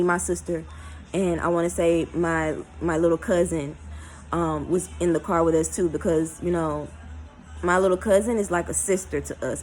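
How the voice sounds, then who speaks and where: A woman tells a personal story in a vlog, emotional and halting, with many fillers. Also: lowish voice, rough recording. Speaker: vlogger.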